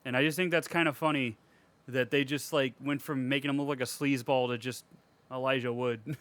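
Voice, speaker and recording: A man's voice: medium pitch, steady tone, a little fast, fairly bright tone. A man co-hosting a casual podcast, rambling with restarts and casual swearing. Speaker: podcast co-host. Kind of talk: casual chat.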